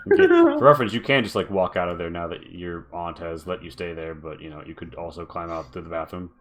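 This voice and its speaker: A man's voice: sits low, sing-song, quick pace, fairly bright tone, slight background noise. A man narrating a tabletop game as game master, in a laid-back, chatty way.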